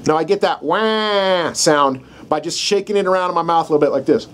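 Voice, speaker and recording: A man's voice: on the high side, fairly quick, a bit bright. Folksy outdoor call instructor, man. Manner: casual, folksy, keeps asking "right?". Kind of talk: outdoor how-to demonstration. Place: outdoors in the country, dogs barking nearby. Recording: faint outdoor background noise.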